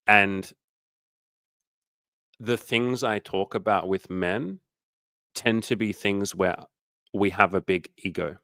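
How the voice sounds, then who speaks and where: A male dating coach answers questions on a casual livestream in a candid, loose style, swearing freely and using lots of filler words. His voice is low-pitched with a fairly bright tone and no room sound.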